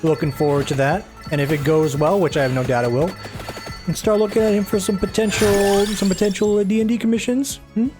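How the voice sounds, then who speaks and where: A man giving casual, rambling gameplay commentary, sounding tired, a little raspy and short of breath, with a soft, somber tone. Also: sits high, fairly even intonation, a little fast. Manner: rambling, chatty, self-deprecating. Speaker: gaming video host. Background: game music.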